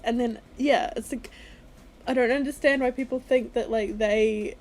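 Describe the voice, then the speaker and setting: A woman's voice: a little high, steady tone, moderate pace, darkish tone, a little hiss or hum. A young woman from New Zealand co-hosting a podcast, chatting casually, bluntly and jokingly, often acting out conversations. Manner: blunt, joking, acts out dialogue. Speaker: podcast co-host. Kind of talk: casual chat.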